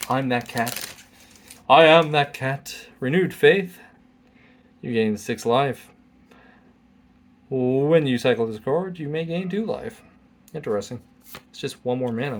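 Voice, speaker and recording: Man reading cards aloud with wry asides. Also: mid-range voice. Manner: reads card text aloud with wry asides. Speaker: channel host. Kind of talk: casual card-opening commentary.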